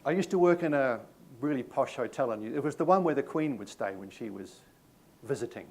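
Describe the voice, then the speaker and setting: Brisk and expressive, a middle-aged man with a New Zealand accent runs a live training session for staff and talks with the audience at a medium pitch. He keeps it chatty, telling stories with a self-mocking sense of humour.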